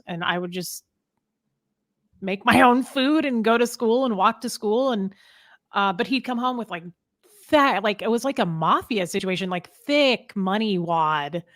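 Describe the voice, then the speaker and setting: A woman's voice: medium pitch, a bit bright. A woman talking casually as a guest in an interview, emotional and rambling, with lots of "like" and "um".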